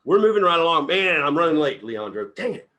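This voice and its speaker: A middle-aged man leading a casual group book discussion as company CEO, telling stories with lots of laughter and loudly acting out quotes. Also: on the high side, fast. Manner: animated storyteller, laughs often, acts out quotes loudly.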